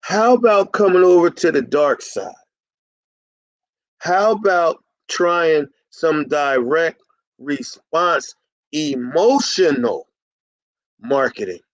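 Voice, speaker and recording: A middle-aged man who consults for carpet cleaners coaches in a folksy style, sometimes playing both sides of an imagined conversation. His fairly high, expressive voice takes things slowly with frequent pauses, and the audio is poor, though without echo.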